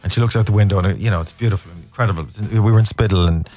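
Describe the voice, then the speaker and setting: A man in his thirties with an Irish accent, hosting a radio show and telling animated stories with frequent laughs. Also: low-pitched, racing, soft background music. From Ireland. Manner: animated storyteller, laughs often. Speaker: radio host. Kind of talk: casual radio chat.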